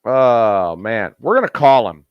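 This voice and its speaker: A man hosting a live show, chatting casually in a rambling, raunchy, excitable way. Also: medium pitch, measured pace, clear, resonant tone, dry recording, muffled recording. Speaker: host.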